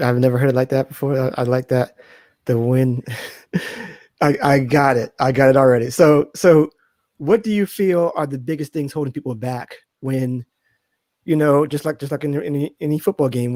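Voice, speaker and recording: A man's voice: medium pitch, dark tone, dry recording, clean studio sound. A man hosting a podcast interview, asking rambling questions with many restarts and affirming his guest. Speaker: podcast host. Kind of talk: casual interview.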